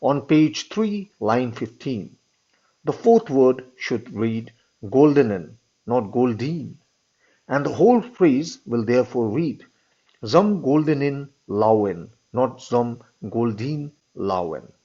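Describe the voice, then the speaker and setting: A man, reading aloud the lines of a male Scottish exam invigilator, slowly and formally. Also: medium pitch, lively intonation, warm tone. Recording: dull lo-fi recording.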